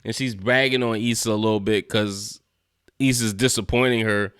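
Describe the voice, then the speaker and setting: A man's voice: fairly low pitch, steady tone, moderate pace, fairly bright tone, smooth, no echo, studio quality. A man casually reviewing and recapping a TV episode, laid-back and slangy, chuckling as he retells scenes. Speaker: TV show reviewer.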